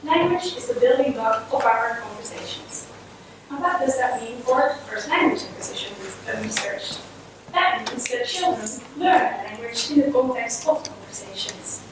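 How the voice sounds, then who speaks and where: High-voiced woman presenting in echoey hall. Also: normal speed. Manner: explanatory, steady lecturing. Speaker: child language researcher. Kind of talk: conference presentation. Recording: echoey hall, far from mic, noisy.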